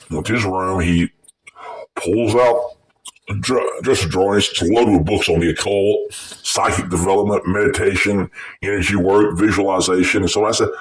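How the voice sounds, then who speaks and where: A man's voice: sits low, fairly even intonation, moderate pace, far from the mic, rough recording. A man casually telling a personal story, in a rambling and profane way that is full of restarts.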